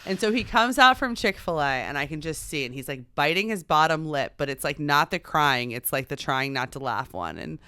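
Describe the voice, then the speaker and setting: A woman in her thirties co-hosting a parenting podcast, telling personal stories in an animated way and acting out the dialogue. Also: sits low, brisk, few pauses, clean tone, no room sound, clean studio sound. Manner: animated storyteller, acts out dialogue. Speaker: podcast co-host. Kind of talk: casual chat, personal storytelling.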